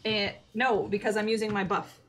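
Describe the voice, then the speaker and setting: A woman's voice: medium pitch, little pitch movement, moderate pace, a little hiss or hum. A woman playing a tabletop role-playing game, chatty and a bit hesitant. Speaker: player.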